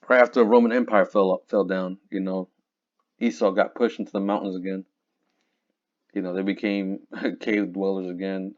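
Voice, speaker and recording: A man teaching from scripture in a casual, conversational way, reading verses slowly and looking up words aloud. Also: deep voice. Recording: dull lo-fi recording.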